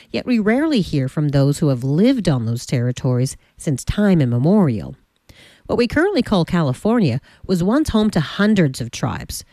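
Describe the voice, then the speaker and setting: A woman's voice: low voice, dark tone, dry recording. A woman hosting a broadcast interview, introducing her guest in a composed presenter's delivery. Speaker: radio host.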